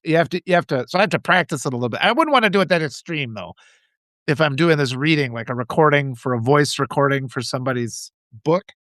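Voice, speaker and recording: A man's voice: medium pitch, a bit bright, dry recording, clean studio sound. A man from Wisconsin hosting a casual solo morning chat, talking in a rambling, enthusiastic way with chuckles and restarts. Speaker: host.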